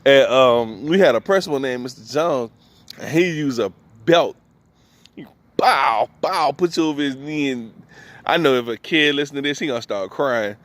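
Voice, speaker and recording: A New Orleans comedian with the city's accent tells loose, slangy stories in a stand-up set, laughing between his lines. His voice is mid-range and his speed normal, with no echo.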